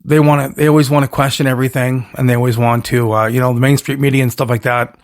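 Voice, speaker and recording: A man's voice: medium pitch, level tone, quick pace. A man hosting his own solo podcast, talking in a rambling, emphatic way with punchy catchphrases and frequent self-corrections. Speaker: podcast host.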